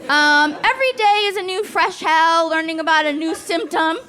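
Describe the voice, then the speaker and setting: A woman's voice: extremely high pitch, moderate pace. A woman in her forties performing a stand-up set, profane and self-deprecating, laughing at her own jokes. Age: 40s. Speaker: stand-up comedian. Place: comedy club stage. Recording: live club with loud audience laughter.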